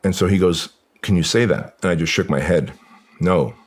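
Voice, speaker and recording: A man's voice: deep voice, normal speed. A man in his forties, a guest on a podcast, telling a painful personal story in an earnest, raw, conversational way. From Armenia.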